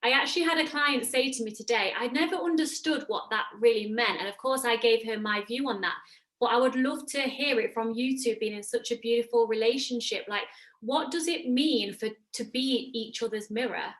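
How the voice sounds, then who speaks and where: Woman host, warm and reflective, high-ish voice, roomy echo. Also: a little fast. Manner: warm, emotional, gently reflective. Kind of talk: personal development podcast interview. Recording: echoey room sound.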